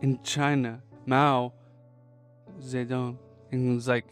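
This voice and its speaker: A man's voice: mid-range voice, faint music behind. Man telling a story casually. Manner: animated, jokey, does quick quoted voices. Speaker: podcast host.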